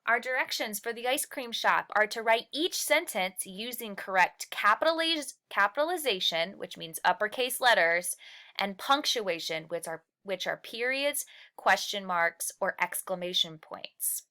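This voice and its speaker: Animated, bright-voiced woman teacher. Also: medium pitch. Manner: patient, explains step by step with rhetorical questions; stretches and slows key words for emphasis. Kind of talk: recorded lesson walkthrough.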